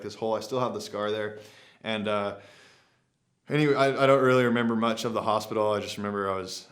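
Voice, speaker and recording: Young male vlogger, lowish voice, loose rambling delivery full of fillers. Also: a bit bright. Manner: rambling, many "like" fillers and restarts. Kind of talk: casual storytelling.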